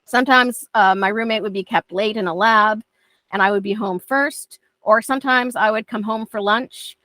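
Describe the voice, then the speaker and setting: A woman's voice: medium pitch, moderate pace, pushed and bright, no echo. A woman dog trainer teaching a class in a chatty way, often acting out how she talks to her dogs. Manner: chatty, acts out talking to dogs.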